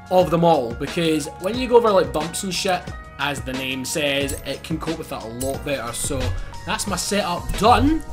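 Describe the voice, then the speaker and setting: A young Scottish man with a Scottish accent giving excitable, sweary gameplay commentary while driving a car in a racing game. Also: on the high side. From Scotland. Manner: excitable, sweary, laughs often. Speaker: gaming YouTuber. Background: game engine and music.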